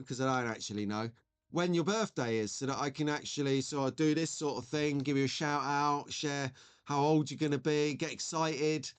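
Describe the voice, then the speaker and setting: A man's voice: on the high side, clean tone. A man in his forties hosting a live stream, chatting in a rambling way and reading out viewer messages. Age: 40s. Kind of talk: casual live-stream chat.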